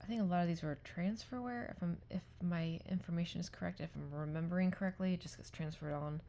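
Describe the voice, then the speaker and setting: A woman chatting casually at home in a show-and-tell vlog, rambling and often trailing into soft half-whispers, speaking close to her phone. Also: fairly low pitch, fast, creaky. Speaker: vintage-haul vlogger. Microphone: phone held close.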